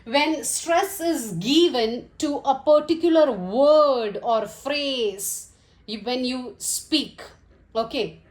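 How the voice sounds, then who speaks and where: A woman teaching English vocabulary, listing words one by one in a slow, deliberate way. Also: sits high. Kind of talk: vocabulary lesson. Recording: echoey room.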